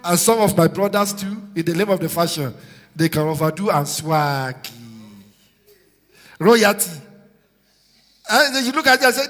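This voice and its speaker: A male pastor with a high, bright, forceful voice preaches to his congregation, calling out lines for them to repeat back. He is recorded live in a large church hall with a long echo and soft music underneath. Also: animated, normal speed, long pauses. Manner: exhorting, call-and-response with congregation. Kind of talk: sermon.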